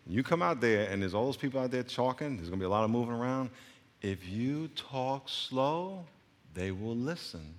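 Brief: a man playing a calm, insistent woman coach, quiet and measured, heard in a reverberant hall. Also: mid-range voice, natural voice. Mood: firm, hushed. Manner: slow, hushed, deliberate. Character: stern female speech coach, calm and insistent. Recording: long reverb of a large hall.

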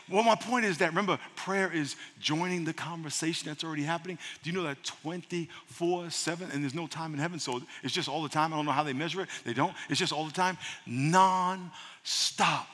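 A pastor preaching a sermon with humor and energy, calling on the congregation to answer back. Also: male voice, a little high, a little fast, a bit bright. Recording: church hall reverb.

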